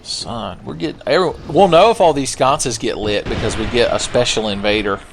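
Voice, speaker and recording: Mid-range, fairly quick, and creaky, a young man's voice comes through with slight background noise. As a gaming video host doing casual let's play commentary, he jokes sarcastically about his game and occasionally breaks into silly singing.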